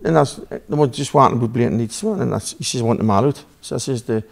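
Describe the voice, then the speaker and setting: Geordie man, guest on a podcast, gravelly voice, rambling, profane storyteller who quotes both sides of a row. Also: mid-range voice, rapid-fire. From Newcastle, England. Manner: rambling, swearing, acts out dialogue. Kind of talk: casual storytelling.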